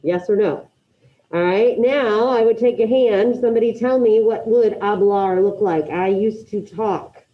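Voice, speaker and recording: Heard through a video call with dull, lo-fi audio, a woman with a mid-range voice teaches an online Spanish class at a moderate pace. As a high school teacher, she calls on students by name and encourages their responses.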